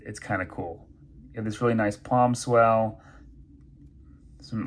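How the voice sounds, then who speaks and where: A man reviewing knives and pens in a casual unboxing, chatty and thinking aloud with many fillers. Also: lowish voice. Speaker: knife and pen reviewer.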